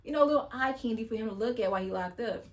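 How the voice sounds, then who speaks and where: A woman's voice: on the high side, racing. Chatty blunt woman recapping reality TV. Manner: chatty, blunt, slangy retelling with sighs. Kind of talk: casual recap commentary.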